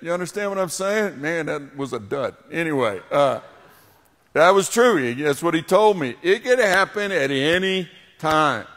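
A middle-aged male pastor preaches a sermon in a church sanctuary, telling a story before leading the congregation in prayer. His somewhat high, slightly bright voice has lively intonation and a measured pace, and the church hall adds a long reverb.

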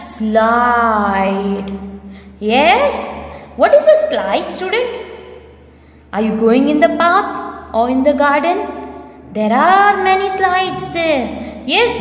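Slow, echoey Indian English teacher. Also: female voice. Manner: slow, spelling out letters and sounds, with high questioning prompts. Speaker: primary school English teacher. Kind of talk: phonics lesson for young children. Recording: echoey room with long reverb.

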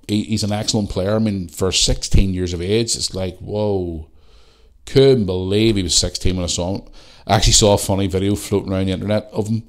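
A man hosting a casual solo podcast, chatting in a rambling way and swearing freely. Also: on the low side. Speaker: podcast host.

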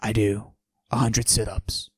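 A man doing a cocky macho character who forces his voice deep and breathy, in a comedic podcast monologue. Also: level tone, unhurried, dry recording. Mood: swaggering. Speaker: podcast host.

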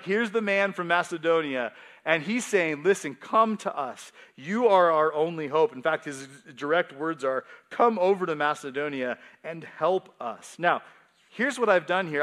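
A male pastor preaching a sermon in a conversational, animated way with casual asides. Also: high-pitched.

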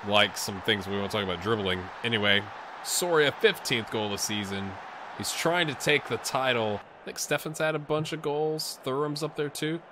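A man doing a tired but excitable, jokey play-by-play while he plays a game on video, with asides to his viewers. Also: mid-range voice, moderate pace, background noise. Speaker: gaming YouTuber. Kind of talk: let's play commentary.

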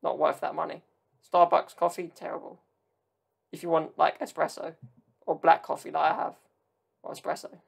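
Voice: mid-range voice, level tone, moderate pace, creaky, long pauses, slightly rough. A podcast host from Southern Italy chatting casually on their own, rambling and drifting into tangents with jokey asides. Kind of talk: casual solo podcast chat.

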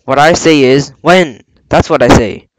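A man's voice: a little high, unhurried, dry recording, rough recording. A man reading aloud, voicing an impatient, surly pirate coxswain who growls his lines.

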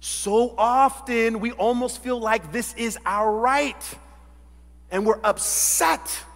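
A male pastor preaching a sermon, dramatic, acting out quoted voices and swinging from loud to hushed. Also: extremely high pitch, takes it slowly, in a large hall. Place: church sanctuary.

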